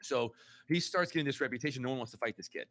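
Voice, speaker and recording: A man's voice: mid-range voice, fast talker, a bit bright. A man hosting a casual podcast chat, rambling and repeating words as he searches for them. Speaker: podcast host.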